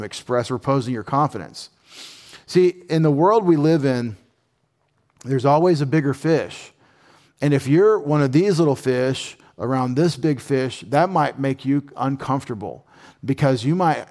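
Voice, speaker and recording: A man with a drawl teaches a class in a relaxed, folksy way. He spells out old words slowly, circles back, and repeats himself as he goes. His voice sits at a middle pitch. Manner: explains words slowly, restarts often, folksy. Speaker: Bible teacher. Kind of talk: casual classroom lecture.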